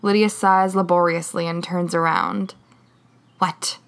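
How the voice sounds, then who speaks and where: A woman reading a romance story aloud in a measured, even way. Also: on the low side. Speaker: reader. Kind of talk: reading fan fiction aloud.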